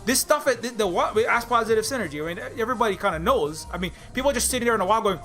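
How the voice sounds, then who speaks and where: A man's voice: high-pitched, lively intonation, rapid-fire, few pauses, pushed and bright, soft background music. A man from Hawaii, ranting angrily and sarcastically, with lots of swearing, in a casual vlog. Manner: angry profane ranting, sarcastic. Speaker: indie game developer. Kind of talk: casual rant.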